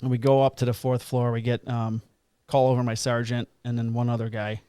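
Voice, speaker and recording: A man's voice: medium pitch, little pitch movement, brisk, warm tone, clear, resonant tone, no room sound, studio quality. A middle-aged man, a police officer co-hosting a podcast, tells a rambling work story in casual chat and swears freely. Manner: rambling, profane anecdote telling.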